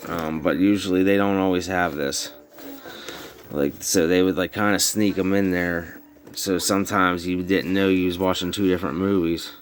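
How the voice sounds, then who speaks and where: Man, deep monotone, laid-back collector vlog, slight slur, lots of ums. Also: normal speed. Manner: rambling, filler-heavy, informal grammar. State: snuff in mouth slurring words. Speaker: VHS collector vlogger. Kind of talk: casual show-and-tell. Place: home bedroom.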